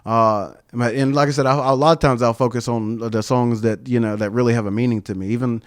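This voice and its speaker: A young man talks loosely in a podcast chat, circling back on his thoughts. His voice is smooth and resonant. The sound is dry and close. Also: medium pitch, steady tone, a little fast, no echo. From South Carolina, USA. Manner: rambling, often says "you know what I'm saying". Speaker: podcast guest, comedian and karaoke singer. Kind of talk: casual interview chat.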